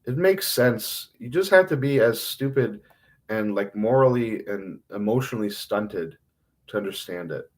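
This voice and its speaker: Lively, rambling man on a solo stream. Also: fairly low pitch, unhurried. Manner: rambling and self-mocking, swinging from mumbles to loud outbursts. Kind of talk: rambling solo livestream monologue.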